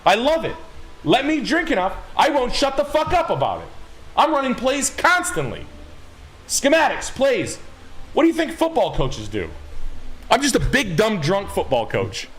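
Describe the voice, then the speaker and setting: A man hosting a livestream, ranting loudly and emphatically with lots of swearing. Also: very high voice, huge pitch swings, normal speed. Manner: loud, swearing, emphatic, rambling. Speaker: streamer host. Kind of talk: profane livestream rant.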